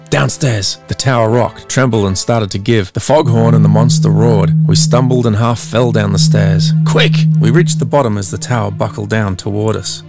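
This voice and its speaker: A man with a low voice and a gravelly edge narrates a story. His reading is measured and dramatic. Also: darkish tone. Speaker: audiobook narrator.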